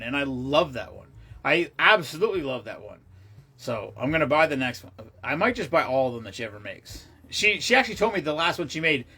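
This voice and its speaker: A man's voice: a little high, pushed and bright, slightly rough. A man hosting a charity livestream, chatting casually with viewers in a rambling, profane way, with many restarts.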